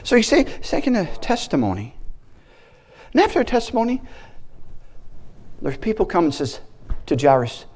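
A man preaching a sermon as a guest speaker, animated, breaking into shouted praises and acting out the voices in his stories. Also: fairly high pitch, brisk.

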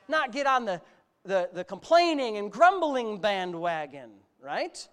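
A middle-aged male pastor with a notably high voice preaches an animated sermon in a smooth, unhurried way. He alternates between sarcastic asides and rising exhortations that come close to shouting.

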